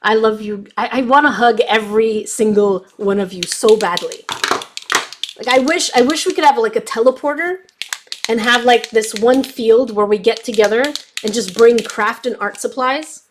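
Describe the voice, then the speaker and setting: Testing markers on a craft livestream, a young woman reads her live chat and chats casually, now and then giving a slight cough from bronchitis. She speaks at a moderate pace in a fairly high voice, with slight background noise.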